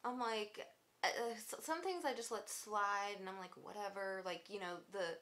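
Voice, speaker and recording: A woman's voice: medium pitch, normal speed, a bit bright. A young woman vlogger telling a personal story in casual chat, sarcastic and swearing a lot, full of "like" fillers.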